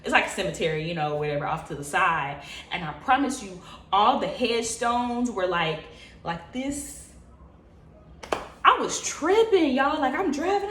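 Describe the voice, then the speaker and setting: A woman vlogger telling a story in an animated, expressive, profane casual way. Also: medium pitch, normal speed, echoey room, slight background noise.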